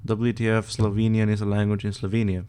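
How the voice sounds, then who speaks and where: A young man from northern Sweden with a Swedish accent, casually reading out and answering chat questions on a live stream, with many fillers and pauses. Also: on the low side, flat delivery, dark tone, clear, resonant tone. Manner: laid-back, reads chat questions aloud, hesitant with fillers.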